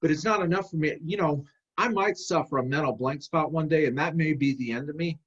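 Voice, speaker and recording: A man's voice: a little high, fairly quick, husky, lo-fi sound. A man giving a candid, conversational recovery talk in a workshop, rambling and restarting as he goes. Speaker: workshop speaker. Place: video call.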